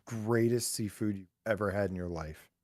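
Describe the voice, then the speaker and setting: A man co-hosting a casual live-stream chat, animated and teasing, with plenty of "like". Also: on the low side, normal speed, dry recording, studio quality. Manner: animated, teasing, says "like" a lot. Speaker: podcast co-host.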